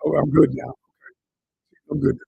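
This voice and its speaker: A man's voice: fairly high pitch, flat delivery, moderate pace, creaky, dark tone, slightly rough, dry recording, low-quality recording. A relationship coach, a man, telling a personal story on a live stream and talking straight to his viewers in an emotional way, into a handheld mic. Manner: emotional, addresses viewers directly as y'all. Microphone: handheld microphone.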